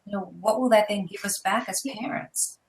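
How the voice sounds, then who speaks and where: A woman's voice: mid-range voice, a little fast, slight background noise, poor audio. A woman hosting a casual panel discussion, musing aloud in a reflective, rambling way.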